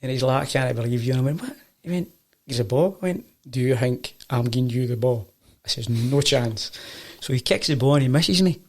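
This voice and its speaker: Fast-talking gravelly Scottish man. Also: mid-range voice. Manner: animated anecdote-telling, acting out quoted voices. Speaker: football coach. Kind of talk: casual storytelling.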